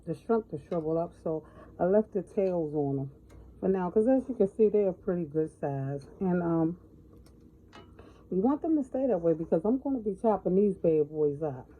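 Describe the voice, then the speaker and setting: A woman's voice: lowish voice, animated, normal speed, phone-quality sound. A middle-aged woman giving a folksy, chatty cooking tutorial in her home kitchen, often calling out to viewers as y'all. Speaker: home cook.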